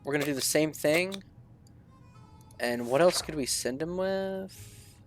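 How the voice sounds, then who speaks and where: A man's voice: fairly high pitch, measured pace, faint music behind. A man commenting casually while he plays a game, muttering his choices and reading the event text aloud. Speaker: gameplay video creator.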